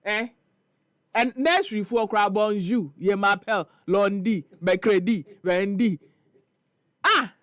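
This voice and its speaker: A Ghanaian man hosting a morning radio show, telling a story and reading listener comments in an animated, laughing way. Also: high-pitched, unhurried, no room sound, clean studio sound. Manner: animated, laughing storyteller mixing Twi and English. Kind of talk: casual chat reading social media comments. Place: radio studio.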